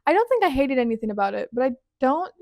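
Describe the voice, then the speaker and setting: A young woman chatting in a bubbly way about her monthly reading wrap-up, with quick asides, recorded at home. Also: high-pitched, very animated, darkish tone, no room sound, studio quality. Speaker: book vlogger.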